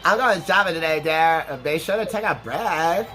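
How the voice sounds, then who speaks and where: A man voicing a chirpy young wife from a farming game in a sing-song falsetto. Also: moderate pace, sharp tone, faint music behind.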